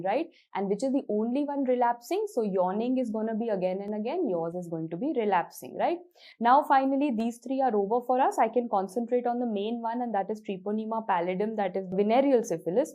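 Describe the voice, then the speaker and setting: A young woman with an Indian English accent teaching a medical class. Her voice is mellow and warm, and she talks in a chatty way, drilling her points with repetition and tossing in Hindi words. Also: on the high side. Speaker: medical lecturer. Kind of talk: exam-focused lecture with mnemonics.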